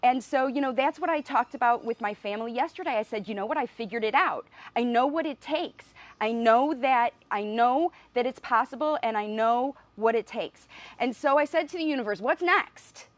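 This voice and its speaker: A woman's voice: on the high side, moderate pace, dry recording. A middle-aged woman, a speech pathologist, speaking earnestly and with emotion to viewers of her live video, laughing now and then. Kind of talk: emotional live stream address. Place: standing outside by a window.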